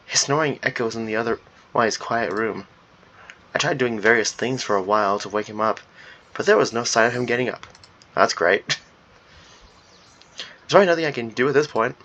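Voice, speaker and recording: A man's voice: medium pitch, moderate pace, pauses often, fairly bright tone, a little hiss or hum. Playful man reading a game aloud. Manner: playful, laughs at himself. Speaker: visual novel reader.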